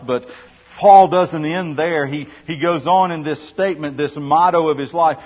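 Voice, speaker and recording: A man's voice: a little high, expressive, a little slow, slightly rough. A male pastor preaching a sermon in an earnest way, often restarting phrases and asking rhetorical questions. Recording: dull sound with long hall reverb.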